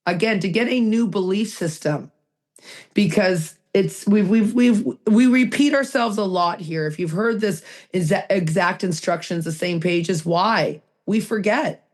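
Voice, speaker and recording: A woman's voice: mid-range voice, unhurried, a little mellow. A woman co-hosting a recovery podcast, talking emphatically and answering her own rhetorical questions. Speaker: podcast co-host. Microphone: video call mic.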